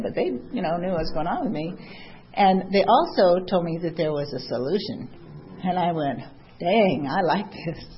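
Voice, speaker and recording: A woman from Southern California shares her recovery story in a candid, chatty manner, leaning on fillers and wry humor. Her voice sits at a middle pitch. The recording is dull and muffled, with a faint hiss underneath. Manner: candid and chatty, many "you know" fillers, wry laughs. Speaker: speaker sharing at a recovery meeting. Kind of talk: personal recovery story, casual.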